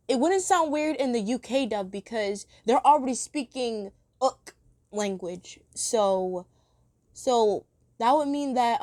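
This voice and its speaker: A woman's voice: fairly high pitch, a little mellow, no room sound, studio quality. A woman giving a casual spoken review, chatty and rambling with many fillers and restarts, laughing often.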